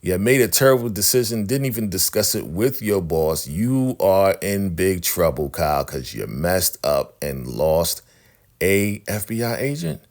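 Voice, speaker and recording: A man casually recapping a TV episode, excitable and acting out the characters' lines as he retells each scene. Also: low-pitched, measured pace. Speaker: recap host.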